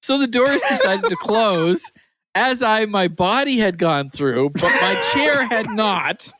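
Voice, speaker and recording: A Canadian man co-hosting a podcast, telling stories in a lively way, acting out the people in them and laughing often. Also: high-pitched, slow pace, no echo. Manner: animated storyteller, acts out other voices, laughs often. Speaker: podcast co-host. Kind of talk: casual chat.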